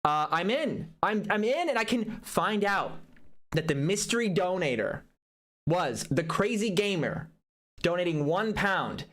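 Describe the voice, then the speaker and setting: A man chatting casually on a live gaming stream, animated, rambling and self-deprecating. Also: sits high, a little slow.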